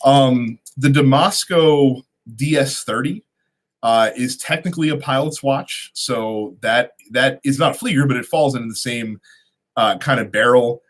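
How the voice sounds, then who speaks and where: Host, male, mid-pitched voice, unscripted live-stream chat, reads out viewer questions and rambles through the answers. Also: unhurried. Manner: conversational, many ums and restarts. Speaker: host of a watch channel.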